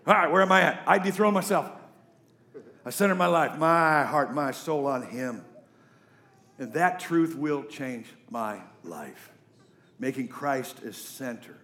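High, animated preacher man. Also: measured pace. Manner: animated, emphatic preaching with big pitch swings. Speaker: pastor. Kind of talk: sermon. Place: church stage before a congregation.

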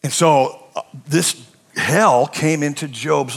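Gravelly preacher man, shouting then hushed. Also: a little high, slow pace. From United States. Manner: impassioned preaching, swinging from shouts to hushed tones. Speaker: pastor. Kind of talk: sermon.

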